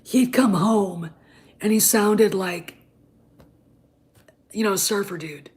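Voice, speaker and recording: A woman's voice: medium pitch, takes it slowly, a little mellow. A woman, chatting casually on a livestream and rambling with many fillers and restarts. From Wisconsin, US. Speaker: livestream host.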